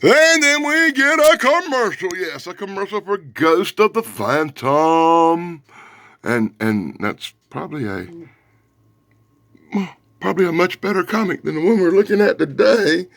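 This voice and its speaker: A man giving a casual, sarcastic comic book review, dropping from loud outbursts to low mutters. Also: measured pace, gravelly, dry recording. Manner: animated, sarcastic, swings from loud to mumbling.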